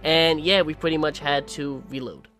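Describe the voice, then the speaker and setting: A man's voice: fairly high pitch, fairly even intonation, normal speed. A young man narrating his horror game playthrough, casually and with fillers, and goofing off taunting a game monster. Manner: laid-back narration with fillers. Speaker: gaming YouTuber. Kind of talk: let's play commentary with voice-over. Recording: loud game music behind.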